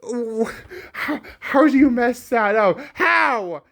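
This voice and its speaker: Brief: a sarcastic reviewer who drawls out his complaints slowly and laughs at his own rants. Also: very high-pitched, lively intonation, creaky, a bit bright. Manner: exasperated, sarcastic, laughs often. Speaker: anime reviewer. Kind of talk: casual ranting review commentary.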